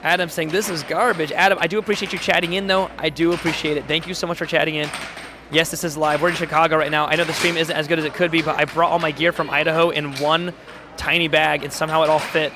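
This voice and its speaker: A man commentating a live air hockey match, his voice going hoarse, excitable and chatty as he reads viewer messages aloud. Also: a little high, quick pace, background noise. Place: tournament hall.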